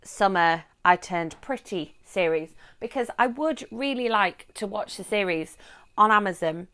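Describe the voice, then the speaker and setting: Woman book vlogger, casual chat to camera at home, smooth clear voice, rambling and chatty. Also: mid-range voice, unhurried. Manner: chatty, rambling, bursts into excited squeals. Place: home room.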